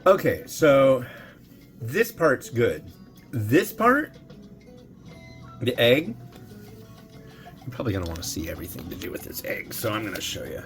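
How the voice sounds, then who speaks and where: Chatty guy reviewing noodles, slow and rambly, voice bounces up and down, faint music behind. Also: medium pitch, wildly swooping pitch. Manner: rambling, chatty, talks straight to viewers. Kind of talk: casual chat while cooking and tasting.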